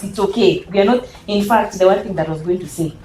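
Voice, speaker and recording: Animated Kenyan woman in a roomy hall. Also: mid-range voice, fast, a crowd in the background. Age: 30s. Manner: animated, acts out children's voices, mixes English and Swahili. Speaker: parenting panel speaker. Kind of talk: lively workshop talk to an audience. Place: event hall with audience.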